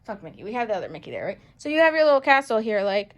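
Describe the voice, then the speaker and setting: Woman, casual tarot reader, slightly high voice, animated and teasing, affectionate pet names. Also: racing. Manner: animated, playful, calls viewers darling and baby; swings between bright bursts and low asides. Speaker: tarot reader and channel host. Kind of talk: casual tarot reading to camera.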